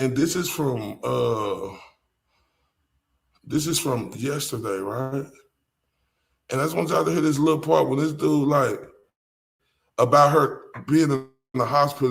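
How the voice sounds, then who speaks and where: A man's voice: medium pitch, moderate pace, gravelly. A man with a Southern US accent hosting a live stream, talking bluntly and with profanity straight to his chat. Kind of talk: casual live-stream commentary.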